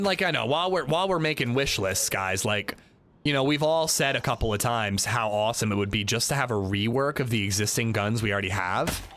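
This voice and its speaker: A man's mid-range voice comes across pushed and bright as he streams a game. He chats casually and wanders off topic, using many filler words, over a noisy background hiss.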